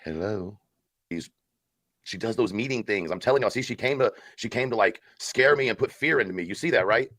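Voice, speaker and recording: A man with a lowish, slightly bright voice talks briskly on a live stream, with no room sound. He gives a sarcastic, mock-solemn support-group speech, then chats casually with his viewers.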